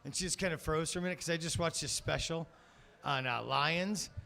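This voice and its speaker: A man's voice: on the high side, a little fast, creaky, sharp tone. A man doing stand-up comedy in a club, telling a rambling, profane story and laughing at his own jokes. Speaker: amateur stand-up comic.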